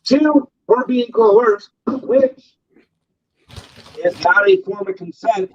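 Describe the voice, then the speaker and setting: An online talk show co-host, sitting in his bedroom, delivers a furious, foul-mouthed political rant. His high voice is expressive and slow, broken by long pauses. The mic is distant and the sound is dull and lo-fi.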